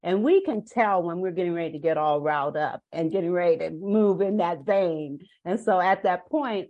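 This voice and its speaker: A woman's voice: on the low side, lively intonation, normal speed, few pauses, a little mellow. An older woman, a parenting guest on a podcast interview, who speaks in an earnest, emphatic storytelling manner.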